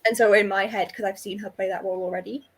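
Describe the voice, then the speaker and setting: A young woman with a slightly husky voice chatting on a live stream. She talks eagerly and rambles through her sentences. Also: mid-range voice, steady tone, quick pace, low-quality recording. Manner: enthusiastic, rambling with many "like"s. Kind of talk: casual live-stream book chat.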